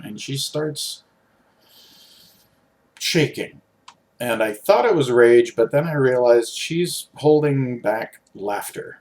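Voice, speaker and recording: Animated man telling a personal story. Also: medium pitch, measured pace. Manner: animated, with sudden jumps in loudness.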